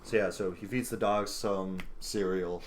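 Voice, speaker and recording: A man's voice: low-pitched, steady tone, measured pace, slight background noise. A young man co-hosting a casual podcast, rambling through a film scene with many fillers and quoted lines. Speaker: podcast co-host. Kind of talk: casual chat.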